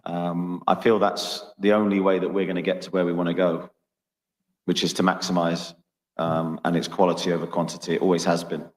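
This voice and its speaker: Deep, flat-voiced man answering press questions carefully, echoey room with long reverb. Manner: measured, guarded, hesitant. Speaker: football club manager. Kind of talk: press conference.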